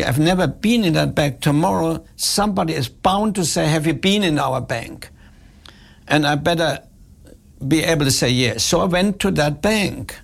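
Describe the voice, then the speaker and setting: A man with a slightly high, gravelly voice tells a story to an audience. His tone is husky, and he hammers home his points by repeating them. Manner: emphatic, repeats key points. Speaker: speaker on customer service.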